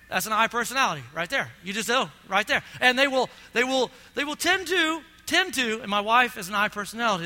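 A man's voice: very high voice, expressive, a little fast, pushed and bright. A middle-aged man preaching a sermon to his congregation, telling stories animatedly and often checking in with "all right?". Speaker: pastor. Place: church sanctuary. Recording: long reverb of a church hall.

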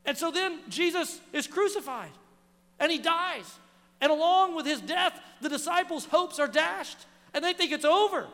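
A man's voice: very high-pitched, expressive, moderate pace, pushed and bright. A male pastor preaching a sermon, telling a story and acting out the lines of the people in it. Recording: long hall reverb.

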